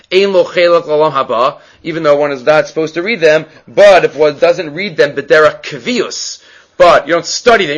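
A man's voice: on the high side, a bit bright. A man teaching a Talmud class, explaining the text with frequent fillers and restarts. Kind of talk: Talmud lecture.

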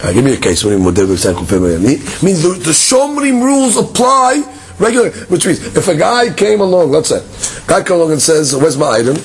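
A man teaching a Talmud class, moving between quick Hebrew text reading and explanation while acting out the claims in a case. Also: on the high side. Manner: lively, leaps between English and Hebrew text reading, acts out case dialogues.

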